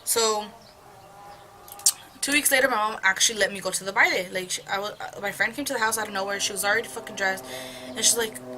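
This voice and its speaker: Here a young adult beauty vlogger does her makeup at home, casually chatting through a rambling get-ready-with-me storytime full of gossip and profanity. She talks briskly in a medium-pitched, pushed, bright voice. The recording is rough, with slight background noise.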